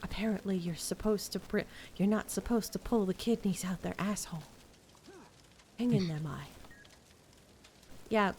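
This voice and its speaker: A woman's voice: medium pitch, animated, normal speed, pauses often, fairly bright tone, a little hiss or hum. A woman streamer chatting casually and reading game dialogue aloud with a giggly, playful manner.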